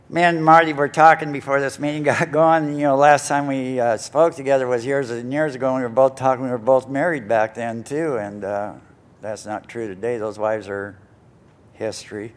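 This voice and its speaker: An older man on a conference hall stage tells his own story to an audience at a recovery conference, rambling and poking fun at himself with lots of fillers. His voice is medium-pitched with fairly even intonation at a moderate pace.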